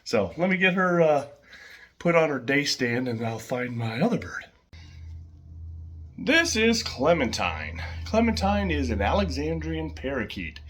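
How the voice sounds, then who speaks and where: A man casually showing his pet birds at home, chatting in a rambling way with fillers and soft laughs. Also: fairly high pitch, sing-song, measured pace, soft background music.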